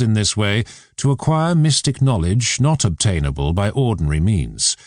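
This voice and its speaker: A man reading a philosophy book aloud in a measured, expressive way. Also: on the low side, dry recording, studio quality. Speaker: audiobook reader. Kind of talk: scripted narration.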